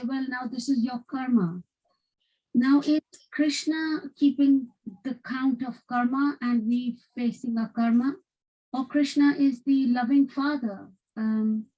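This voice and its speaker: A woman asking a hesitant question during an online class, with many pauses and fillers. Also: fairly high pitch, mellow, rough recording.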